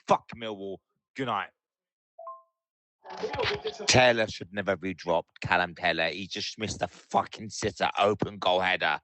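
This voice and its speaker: A man's voice: deep voice, a little slow, long pauses, bright, forceful tone, no room sound. A man from leaving angry, swearing voicemails about a football match, in short furious bursts.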